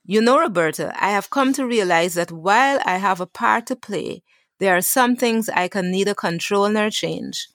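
A woman voicing a calm, faithful mother as she reads her own book aloud, speaking in a measured, reassuring way. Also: mid-range voice, no echo, studio quality, natural voice.

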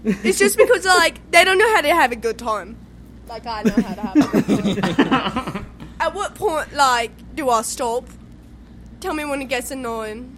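A woman's voice: sits high, animated, unhurried, long pauses, a crowd in the background. A woman chatting casually on a podcast about a film, swearing freely and putting on a joking Irish-Australian accent. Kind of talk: casual chat reviewing a film.

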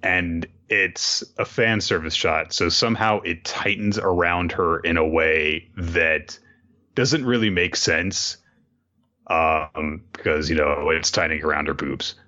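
Deep bright-toned man, dull lo-fi audio. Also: unhurried. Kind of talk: casual chat. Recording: dull lo-fi recording.

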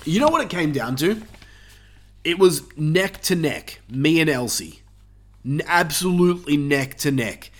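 A man with a fairly high, expressive voice hosts a casual podcast, speaking unhurriedly. He gloats and brags with swearing, swaggering like he's cutting a wrestling promo.

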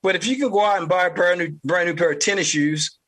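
Southern man, podcast host, blunt political monologue, high voice, husky edge. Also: fast, fairly bright tone. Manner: blunt and fired-up, mild cursing.

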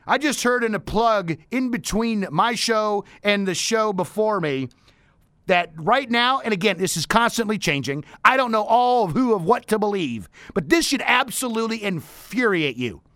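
A man's voice: high-pitched, expressive, normal speed, a bit bright, no room sound, studio quality. A man hosting a radio talk show, ranting emphatically with rhetorical questions.

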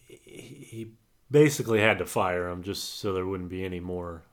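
A low-voiced man talking sports on a casual podcast. He rambles, hedges and stops to fill gaps with ums as he works through the story. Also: normal speed. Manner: rambling, hesitant with many fillers. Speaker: podcast co-host.

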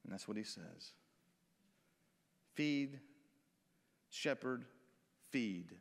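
A man's voice: mid-range voice, lively intonation, very slow, creaky. A man preaching a sermon as a pastor, in a folksy, conversational way, breaking into acted-out quotes. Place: church sanctuary. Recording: long reverb of a church hall.

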